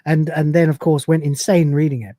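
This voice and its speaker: Animated podcast host recapping an episode. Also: medium pitch, brisk, no echo. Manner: animated storyteller, quotes dialogue with a laugh.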